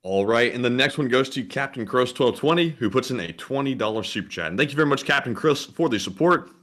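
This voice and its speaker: Male co-host, mid-pitched, easygoing, reads donor messages. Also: lively intonation, fast, fairly bright tone. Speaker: co-host reading super chats. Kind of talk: livestream chat.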